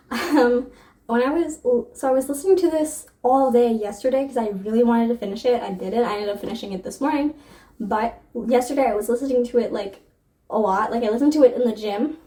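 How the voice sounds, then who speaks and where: A woman's voice: on the high side, mellow, recorded from a distance. A young adult woman chatting casually about books, gushing and filling her talk with "like". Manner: gushing, filler-heavy "like" talk. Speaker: book vlogger. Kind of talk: casual chat to camera.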